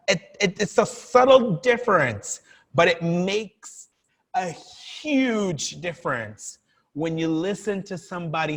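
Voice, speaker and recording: A man with a slightly high, fairly bright voice leads a live online English lesson, cheering his students on as he drills pronunciation. He's filmed on a laptop in a room with a lighting setup, and the room sounds reverberant.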